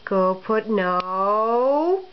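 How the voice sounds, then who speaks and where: A mother in a casual home video, gently coaxing her toddler with short repeated phrases in a sing-song voice. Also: medium pitch, lively intonation, very slow. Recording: dull lo-fi home recording, faint room noise.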